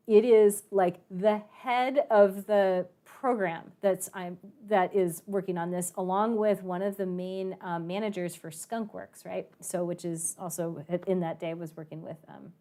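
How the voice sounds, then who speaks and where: A woman's voice: on the low side, fairly even intonation, unhurried, few pauses, warm tone. Chatty woman teacher telling a story. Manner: chatty, many "um"s and "like"s, acts out quotes. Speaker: math and science teacher. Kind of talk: storytelling to students in an online class.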